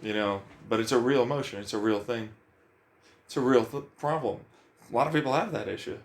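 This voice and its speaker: A man's voice: medium pitch, brisk. A man talking bluntly about emotions in a casual, profane monologue, firing questions at himself.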